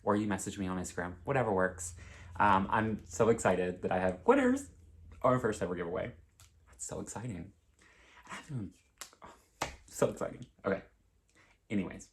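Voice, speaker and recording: A young man with a deep, low voice talks casually to his viewers from home. He rambles in a chatty, openly emotional way, with a faint hiss in the background. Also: sing-song, moderate pace, pauses often. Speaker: cross-stitch vlogger. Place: home, indoors.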